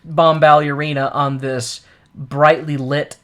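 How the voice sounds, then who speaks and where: This is a casual podcast co-host who retells a film scene by scene. The delivery is animated and salted with curses, and the speaker drops into brief quoted voices before snapping back to plain chat. The pitch sits in a middling range. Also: slow, slight background noise.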